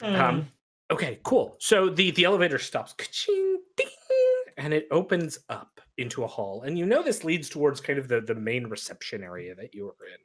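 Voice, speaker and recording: A man's voice: medium pitch, big pitch swings, fairly quick, fairly bright tone, slightly rough. A man narrating a tabletop role-playing game as game master, in a loose, hesitant way with frequent fillers.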